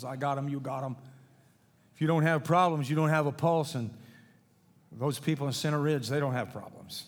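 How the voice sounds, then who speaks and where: A middle-aged man preaching a sermon in a folksy way, mixing jokes with scripture in a church sanctuary. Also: a little high. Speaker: pastor. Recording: long hall reverb.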